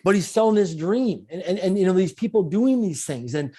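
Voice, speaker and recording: A middle-aged man telling stories as an interview guest, animated and repeating phrases for emphasis. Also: high-pitched, fairly quick, breathy edge. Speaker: guest speaker. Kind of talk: storytelling in a conversational interview.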